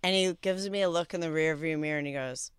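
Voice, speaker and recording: A woman tells a story in a casual, animated way on a podcast, slipping into the voices of the people she quotes. Her voice is smooth and fairly low, and the sound is dry and close. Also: quick pace, no room sound. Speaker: guest storyteller.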